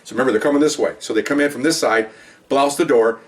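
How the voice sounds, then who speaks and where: Older ex-cop guy rambling through a war story fast, acts out the voices. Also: medium pitch. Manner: rambling, animated retelling with acted-out quotes. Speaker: retired police officer telling a story. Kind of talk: casual storytelling. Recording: voice a bit far from the mic.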